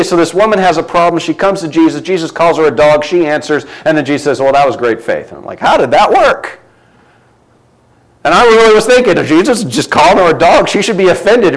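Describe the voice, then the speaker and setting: A man preaching a sermon, reading scripture aloud and swinging between loud emphatic lines and quiet low ones. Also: rough recording.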